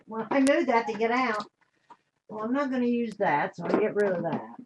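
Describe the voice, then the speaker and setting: An older woman with a gentle lilt talks her way through a live craft demonstration. Her voice sits at a middle pitch, and her homey, rambling manner mixes in warm greetings to her viewers. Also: moderate pace, a little hiss or hum. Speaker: craft show host.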